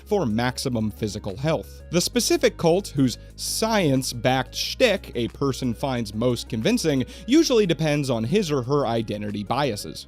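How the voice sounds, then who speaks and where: A man's voice: mid-range voice, a little mellow. A man hosting a comedic scripted narration, sarcastic and exasperated, with swearing. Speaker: host.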